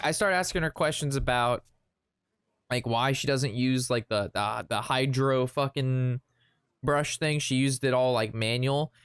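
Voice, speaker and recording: A man chatting casually while playing a card game, retelling an anecdote in an animated, rambling way. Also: medium pitch. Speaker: gaming streamer. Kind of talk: casual gameplay commentary with storytelling.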